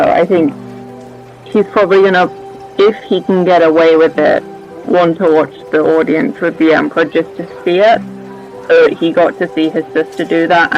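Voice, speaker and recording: High-pitched male player in character, reflective and halting, soft music behind. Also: muffled recording. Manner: thoughtful, hesitant. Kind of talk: in-character role-play.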